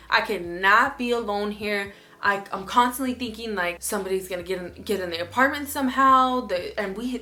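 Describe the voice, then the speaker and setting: A young woman talking casually in a storytime vlog, rambling with many fillers and restarts, and acting out her own past lines with sudden loud outbursts. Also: medium pitch. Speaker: vlogger.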